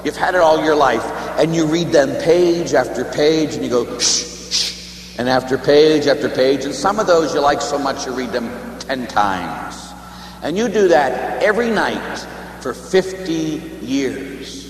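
A man's voice: fairly high pitch, lively intonation, unhurried. A man preaching as a Catholic priest, telling a conversational, joking story to his congregation. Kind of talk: sermon. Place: church. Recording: echoey church with long reverb, faint hum.

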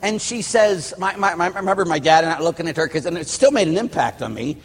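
A middle-aged priest from Pittsburgh preaches a sermon, wandering into personal stories with frequent restarts and asides. His voice sits a little high for a man and has a husky edge. The sound carries a long reverb, as in a church hall. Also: lively intonation, quick pace. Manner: rambling storyteller, restarts and asides. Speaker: Catholic priest.

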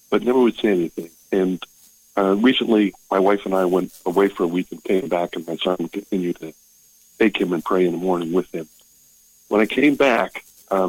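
An older grandfather calling in to a radio show, telling a story in an emotional, halting way over the phone. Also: low-pitched, slightly rough, no room sound, rough recording. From Maryland. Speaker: caller.

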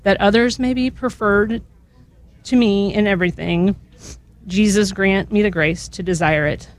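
A woman's voice: medium pitch, dry recording. Woman guest on a radio call-in show, leads the prayer earnestly and devoutly, dry close studio mic. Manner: earnest, slow and devout, voice catching with emotion. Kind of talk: reading a litany aloud.

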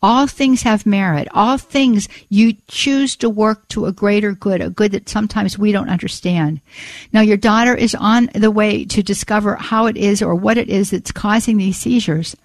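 A woman's voice: medium pitch, normal speed, dry recording. A woman hosting a call-in radio show, praying aloud in an earnest, repetitive way with frequent restarts. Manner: earnest, repeats "Father God", frequent restarts. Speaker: radio host. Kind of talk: spoken prayer and call-in radio chat.

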